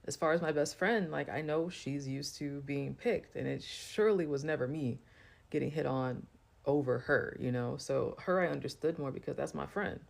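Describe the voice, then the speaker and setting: A woman's voice: low-pitched, moderate pace, vocal fry, darkish tone. A woman telling a personal story to camera in a loose, chatty way, full of fillers. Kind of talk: casual storytime monologue.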